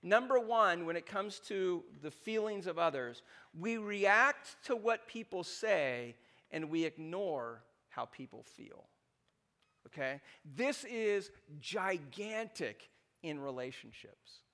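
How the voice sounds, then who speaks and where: A man preaching a sermon as pastor, animated and joking, tossing "right?" back to the congregation again and again. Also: high voice, takes it slowly. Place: church sanctuary.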